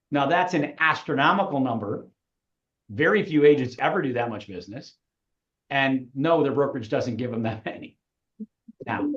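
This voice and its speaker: A man's voice: medium pitch, roomy sound, highs cut off. A man coaching real estate recruiters in a live webinar, with an emphatic, punchy delivery.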